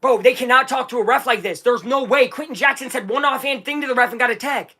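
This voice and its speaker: A live streamer calling a basketball game as an excitable fan, swinging from low muttering to shouting and swearing. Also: fast talker. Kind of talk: live fan watch-along commentary.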